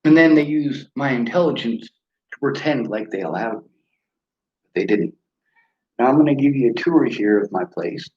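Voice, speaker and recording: A man's voice: medium pitch, animated, moderate pace, pauses often. A man giving an angry, profane monologue while touring his cluttered small apartment, filming on a handheld phone. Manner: blunt, profane, aggrieved. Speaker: vlogger. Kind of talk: angry monologue and home tour. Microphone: handheld phone camera. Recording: dull lo-fi phone recording.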